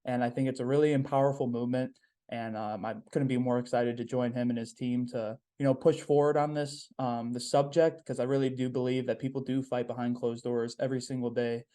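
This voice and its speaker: A man's voice: medium pitch, flat delivery, a little fast, dark tone. A young man hosting a podcast, talking in a casual, upbeat, rambling way with plenty of "um"s and repeated phrases. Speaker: podcast host. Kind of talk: casual solo podcast monologue.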